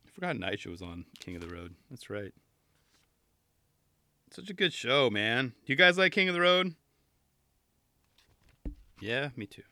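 A man's voice: medium pitch, big pitch swings, measured pace, pauses often, bright, forceful tone, no room sound. A man hosting a podcast, chatting casually and joking as he flips through a magazine, with rambling asides and playful pleading. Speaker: podcast host. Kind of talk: casual chat reviewing a magazine.

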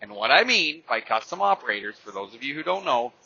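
A man's voice: medium pitch, sing-song, fast talker, creaky, bright, forceful tone, slightly rough, no echo. A man hosting a podcast, telling stories and ranting bluntly and profanely in a rambling, casual way. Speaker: podcast host. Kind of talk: casual storytelling rant. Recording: dry, slightly dull lo-fi recording.

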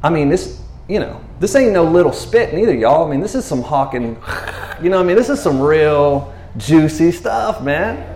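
A man preaches in a rambling, chatty style, constantly asking "you know what I mean" as he checks in with his audience. His voice is on the high side and darkish, with big pitch swings at a moderate pace, in an echoey room.

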